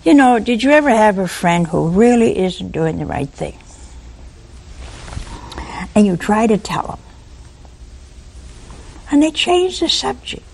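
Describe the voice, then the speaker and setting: A woman preaching a sermon, animated and full of rhetorical questions to her listeners. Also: medium pitch, unhurried, creaky, long pauses.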